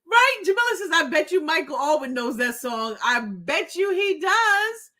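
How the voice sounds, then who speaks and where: A woman hosts a live book club chat on a livestream, giddy and tearful with joy, laughing and reading viewer comments aloud. Her high-pitched voice is very animated, pushed, and bright, at a moderate pace.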